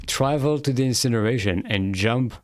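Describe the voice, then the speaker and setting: A man's voice: mid-range voice, normal speed, dry recording, clean studio sound. A man streaming a game and commenting casually, rambling and joking and laughing often.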